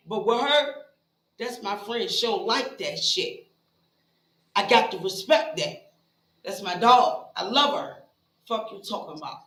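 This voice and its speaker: A woman in her forties from Richmond, talking bluntly with plenty of profanity. Her voice is bright and forceful, and it rings in a roomy, echoey space. She sounds heated and direct in casual chat. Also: medium pitch, lively intonation, unhurried, pauses often. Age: 40s. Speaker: live stream guest.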